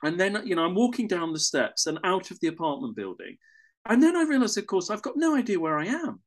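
High-voiced with big pitch swings and a slightly fast delivery, an English man rambles through a personal story. He keeps correcting himself partway through sentences and chuckles as he goes.

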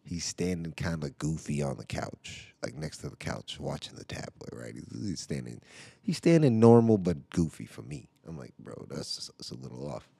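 A man's voice: very deep voice, very animated, moderate pace, vocal fry, dark tone, breathy edge, no echo. A father podcasting from home, telling a story in a casual, rambling way, full of "like" and "right?" asides.

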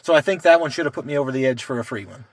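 A man's voice: mid-range voice, rapid-fire, no room sound. A man co-hosting a casual podcast, telling rambling stories in a loose way and swearing freely. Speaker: podcast co-host. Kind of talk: casual chat.

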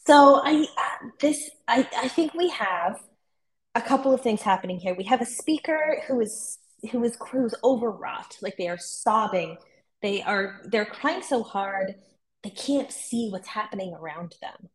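A woman co-hosting a conversation, reading a poem aloud slowly and softly, then talking through it in a reflective, expressive way. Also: a little high, reverberant, low-quality recording. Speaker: podcast co-host. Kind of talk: conversational discussion with poetry reading. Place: Boston.

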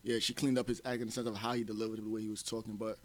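A man co-hosting a podcast in a relaxed, slangy casual chat. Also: lowish voice, rapid-fire. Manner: relaxed, slangy, says bro a lot.

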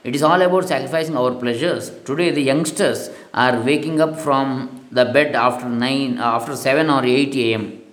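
A man's voice: medium pitch, moderate pace. A man earnestly reading a spiritual lesson aloud, moralizing and telling a parable, recorded in an echoey room. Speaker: spiritual teacher.

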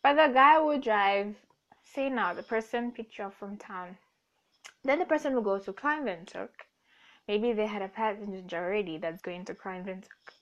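A woman's voice: mid-range voice, moderate pace, fairly bright tone. A young woman hosts a casual, rambling podcast monologue. She self-corrects, jokes and laughs often. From Namibia. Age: young adult. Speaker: podcast host. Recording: dull lo-fi recording.

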